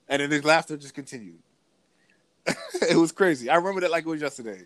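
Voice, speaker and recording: A man co-hosting a casual podcast, telling stories in a lively way with frequent restarts. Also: a little high, fast, pauses often, dry recording. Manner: animated storytelling with frequent restarts. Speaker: podcast co-host. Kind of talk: casual conversation.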